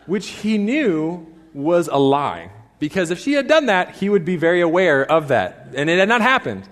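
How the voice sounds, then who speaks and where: A male pastor preaching a sermon in a church, telling stories with animated emphasis. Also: sits high, normal speed, few pauses. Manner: animated storytelling, rising to emphatic peaks. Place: church sanctuary. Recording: long reverb in a church hall.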